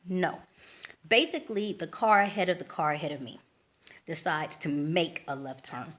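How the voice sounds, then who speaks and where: A woman vlogger casually telling a story, slangy and expressive, acting out scenes with sound effects and little voices. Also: low voice, moderate pace. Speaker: travel vlogger.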